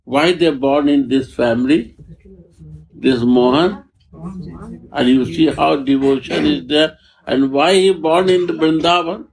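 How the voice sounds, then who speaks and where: A man speaks as a spiritual teacher, unhurried and deliberate, with long pauses between phrases. His voice sits a little high for a man and carries a gravelly, creaky texture. His English is halting, and he often repeats or restarts a phrase before finishing it. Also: low-quality recording. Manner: halting, repetitive non-native phrasing. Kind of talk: spiritual discourse.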